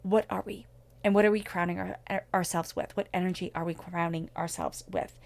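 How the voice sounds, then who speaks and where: A woman's voice: fairly low pitch, fairly even intonation, brisk, gravelly. A woman giving a spoken tarot reading, talking in an earnest, reflective way as she offers spiritual guidance. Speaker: tarot reader.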